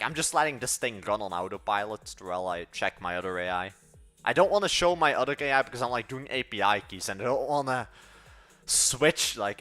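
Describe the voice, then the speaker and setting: A young Belgian man in his late teens, streaming as a coder, casually answers his viewers with blunt views, rambling and self-correcting mid-sentence in a mixed European-sounding accent. His mid-range voice sounds pushed and bright.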